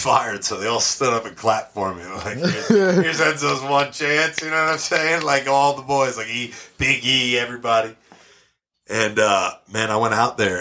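A brash, animated man with a somewhat low voice tells stories on a podcast. He talks in a casual, profane way. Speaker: podcast guest. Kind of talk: casual storytelling.

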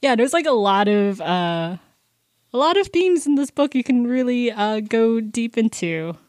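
A woman's voice: a little high, expressive, measured pace, a little mellow, no echo. Twenties woman rambling about a book, fillers everywhere, dry close mic. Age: 20s. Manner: chatty, many fillers, quotes people in voices. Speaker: book discussion co-host. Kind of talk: casual book chat.

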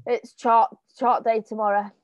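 A woman's voice: on the high side, flat delivery, measured pace, dry recording, muffled recording. A woman guesting as a musician in a radio chat, blunt and wry, a bit stressed. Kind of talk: casual chat.

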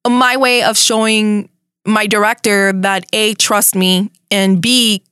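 A middle-aged woman from tells a story as a guest in a casual interview. She speaks quickly and with animation, swears freely and mixes in Spanish words. Her voice sits at an average pitch and sounds dry and close to the mic. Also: fairly even intonation, a bit bright, clear, resonant tone, no echo. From Miami. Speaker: radio host as guest.

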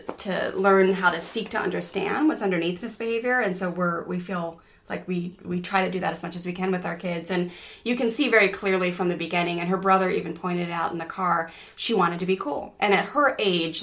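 A middle-aged woman co-hosting a casual parenting podcast, telling a family story in an animated way with many restarts. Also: on the low side. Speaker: podcast co-host, parenting coach.

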